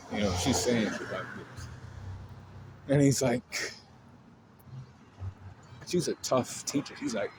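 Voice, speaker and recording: A man's voice: medium pitch, wildly swooping pitch, slow pace, gravelly, long pauses, noisy background. A man casually retelling a story in a loose, rambling way, full of fillers and swearing.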